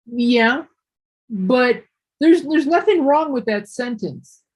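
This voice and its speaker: A woman's voice: sits high, lively intonation, slow pace, darkish tone, husky, rough recording. A woman teaching English one-on-one, patiently correcting and explaining.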